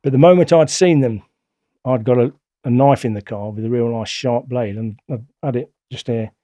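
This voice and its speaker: A middle-aged man, a guest telling stories in a blunt, colloquial, animated way. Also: mid-range voice, moderate pace, no echo, studio quality. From England. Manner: blunt, colloquial, animated retelling with acted-out quotes. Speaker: interview guest. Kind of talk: casual storytelling.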